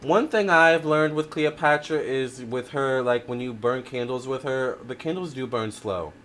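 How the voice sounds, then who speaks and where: A man's voice: mid-range voice, a little slow. Chatty man hosting a tarot livestream. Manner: chatty and expressive, many fillers and restarts; addresses viewers directly with frequent "all right?". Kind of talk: casual livestream chat reading viewer comments.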